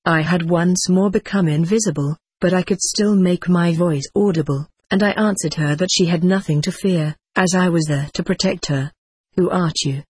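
A reader narrating an old-fashioned first-person novel in a measured way for an audiobook. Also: medium pitch, a little mellow, breathy edge, no room sound. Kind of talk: audiobook reading.

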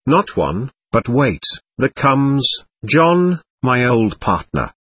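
A man's voice: medium pitch, big pitch swings, takes it slowly, a bit bright, breathy edge, full character voice. A man reading as a guilt-ridden newly dead man. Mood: frantic. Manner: frantic, pleading.

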